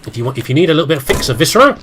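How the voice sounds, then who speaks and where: Soft music plays behind a British man who rambles through a video game as a let's play host, teasing himself and chatting away to no one in particular. He talks very fast in a slightly high, sing-song, somewhat bright voice.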